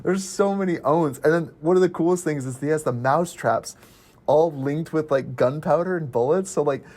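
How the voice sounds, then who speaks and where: A young man hosting a casual movie podcast, talking excitedly with lots of fillers. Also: on the high side, moderate pace. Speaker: movie review podcast host.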